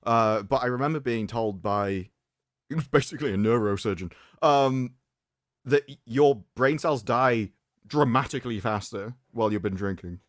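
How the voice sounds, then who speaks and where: A man's voice: medium pitch, moderate pace, no room sound. A man co-hosting a casual chat, wry and telling stories with dry jokes. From Britain.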